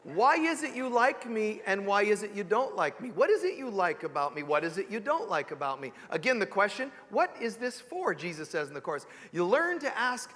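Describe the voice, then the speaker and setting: A man giving an animated sermon as a spiritual teacher, joking and asking rhetorical questions. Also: high-pitched, moderate pace, few pauses, long reverb tail. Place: church sanctuary.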